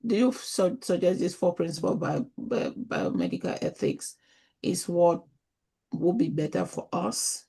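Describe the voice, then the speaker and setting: A woman student on a video call, asking a question haltingly as she searches for her words. Her voice is husky and gravelly, with a dark, mellow tone. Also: lowish voice, big pitch swings.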